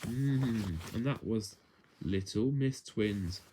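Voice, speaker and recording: A man reading a children's story aloud at home in an expressive, playful way. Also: lowish voice, takes it slowly, a little hiss or hum.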